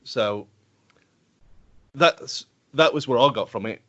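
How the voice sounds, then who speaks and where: A man co-hosting a podcast chats casually about a film, rambling, hesitating and laughing often. His medium-pitched voice is slow, bright and forceful, and the podcast audio sounds dull and lo-fi.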